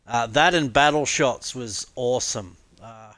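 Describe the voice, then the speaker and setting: A man's voice: mid-range voice, measured pace, fairly bright tone, dry recording. An Australian man chatting casually on a live stream, rambling, laughing often and swearing freely.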